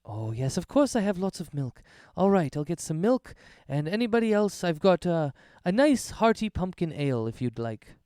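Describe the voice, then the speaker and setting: A man's voice: high-pitched, big pitch swings, normal speed, few pauses, darkish tone, smooth, no room sound, studio quality, pitched above the performer's own voice. A man voicing a chatty, hospitable wood elf innkeeper woman in a tabletop game, talking in a fluttery, eager-to-please way.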